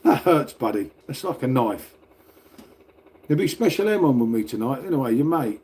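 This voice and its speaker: This middle-aged Briton, streaming live from his home next to a radiator, reads chat aloud and talks loosely with viewers, full of rambling, laughter, and swearing. His mid-range voice has a dark tone, and he's very animated and brisk.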